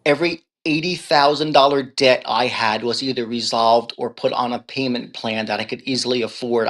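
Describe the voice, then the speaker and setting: A man with a somewhat high voice tells his story as an interview guest over a video call. He swings between hushed and loud, and he laughs often. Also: a little fast. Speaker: author guest.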